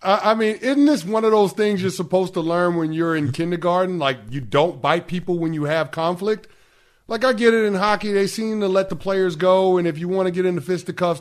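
A man co-hosting sports radio, giving emphatic opinions packed with fillers. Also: a little high. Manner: emphatic, full of "like" fillers and restarts.

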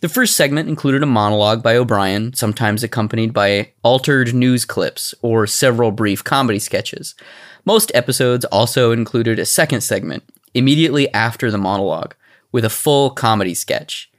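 A man's voice: mid-range voice, moderate pace. A man hosting a podcast, chatting casually and then reading background notes aloud. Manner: chatty, filler-heavy, laughs easily. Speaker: podcast host.

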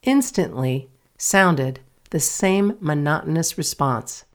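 A woman narrating a children's story aloud in a steady, clear reading voice. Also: sits low, measured pace. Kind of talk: audiobook reading.

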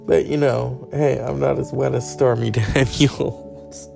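Gravelly, slow-talking podcast host man. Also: medium pitch, fairly even intonation, darkish tone, faint music behind. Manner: rambling, profane, mock-outraged. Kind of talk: crude comedic monologue.

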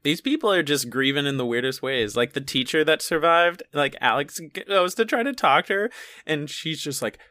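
Man co-host, bright tense voice, dry close sound, crude jokes. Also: fairly high pitch, animated, moderate pace, dry recording. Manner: joking, profane, laughs often. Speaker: podcast co-host. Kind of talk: casual chat reviewing a horror movie.

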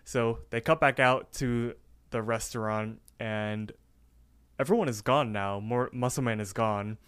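A man's voice: mid-range voice, a little slow, a bit bright, clear, resonant tone. A man co-hosting a podcast, casually retelling a cartoon episode with lots of fillers. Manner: rambling retelling with fillers and quoted lines. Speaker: podcast co-host.

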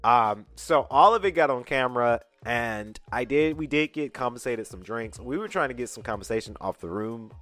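Animated male podcast host telling a story. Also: mid-range voice, moderate pace, few pauses, dry recording, soft background music. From Atlanta, USA. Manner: animated, emphatic retelling with quoted dialogue. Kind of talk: casual storytelling.

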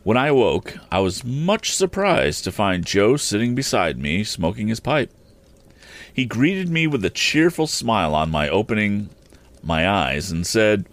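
Deep-voiced man narrating a classic novel audiobook, very lively intonation, dry close sound. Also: no room sound. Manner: measured, expressive first-person storytelling.

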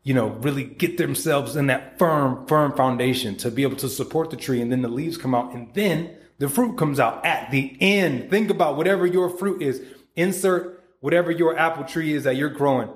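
Profane, animated male motivational podcaster. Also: mid-range voice. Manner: profane, animated, preachy, acts out quoted voices. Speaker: podcast host and supplement company founder.

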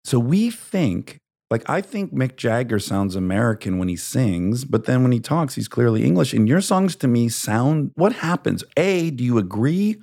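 A man hosting a podcast in casual conversation, joking around and swinging through lively voice changes. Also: mid-range voice, moderate pace, creaky, few pauses, no room sound, studio quality. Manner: animated, joking, does silly voices. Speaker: podcast host. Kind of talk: casual chat.

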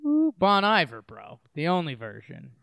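A man's voice: fairly high pitch, wildly swooping pitch, moderate pace, gravelly, fairly bright tone, no room sound. A man co-hosting a casual talk show, rambling and hesitant, now and then breaking into goofy singing. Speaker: podcast co-host. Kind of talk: casual chat.

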